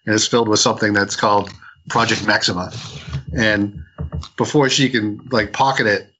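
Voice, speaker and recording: A man's voice: on the low side, fairly even intonation, moderate pace, sharp tone, slight background noise, rough recording. A man co-hosting a comic book podcast, retelling a story in a rambling way with many restarts. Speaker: podcast co-host. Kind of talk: casual comic book review chat.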